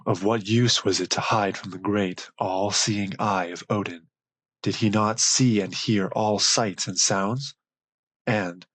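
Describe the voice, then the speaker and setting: A man narrating a myth audiobook in a measured, solemn storytelling manner. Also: on the low side, a bit bright, no room sound, poor audio. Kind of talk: scripted narration.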